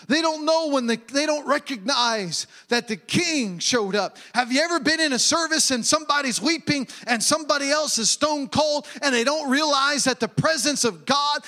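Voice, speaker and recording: A man preaching a sermon, swinging from shouted peaks to low, quiet murmurs.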